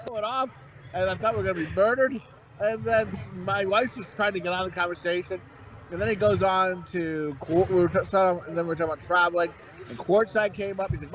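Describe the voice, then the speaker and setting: A man's voice: high-pitched, moderate pace, noisy background. A man in his thirties, a podcast co-host, telling crude rambling stories in casual chat and acting out what people said. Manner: crude, rambling storytelling with acted-out quotes.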